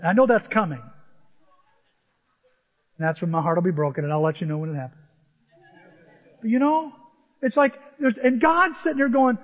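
An older male pastor with a high voice delivers a sermon, animated and storytelling. His voice carries a long reverb from a large hall. The recording sounds a little dull. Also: moderate pace, long pauses.

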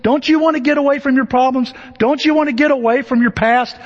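A pastor preaching a sermon, telling the story with animated energy, acting out voices and asking the congregation questions. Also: male voice, very high-pitched, a little fast. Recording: dull, lo-fi audio with long hall reverb. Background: laughter from the congregation.

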